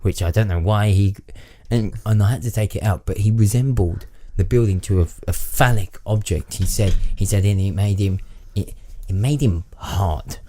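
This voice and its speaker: A man hosting an improvised comedy podcast, talking in a rambling way with many halting restarts. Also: lowish voice, mellow. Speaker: podcast host.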